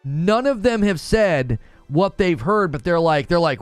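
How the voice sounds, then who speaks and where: A man hosting a casual livestream, chatting excitably, repeating himself and reacting to his chat. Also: high-pitched, measured pace, clear, resonant tone, no echo, faint music behind. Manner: animated, excitable, repeats himself, shouts when cheering. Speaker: livestream host.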